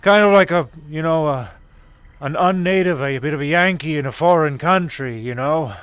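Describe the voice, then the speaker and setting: A man's voice: a little high, normal speed, a bit bright, clean tone, no room sound, close to an everyday voice. A man playing a chatty role-play craftsman with a put-on British accent, musing in a meandering, hesitant way full of fillers. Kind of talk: live-streamed role-play.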